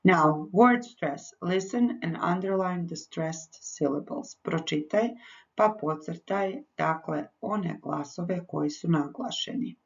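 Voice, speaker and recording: On a dull lo-fi recording, a woman English teacher with a lowish voice speaks a little slowly. She patiently gives lesson instructions, repeating them in English and Croatian.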